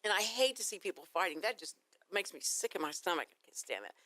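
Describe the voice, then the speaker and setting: A woman's voice: mid-range voice, lively intonation, quick pace, sharp tone, dry recording. A woman with a Texan accent hosting a casual morning radio talk show, rambling through stories and laughing easily. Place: radio studio. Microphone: studio microphone.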